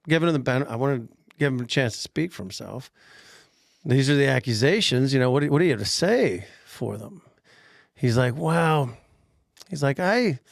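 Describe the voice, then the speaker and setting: Animated gravelly man telling a story. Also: medium pitch, no echo, studio quality. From Pennsylvania. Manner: animated, laughs often, acts out quoted voices. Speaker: grocer telling a workplace story. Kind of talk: casual podcast storytelling.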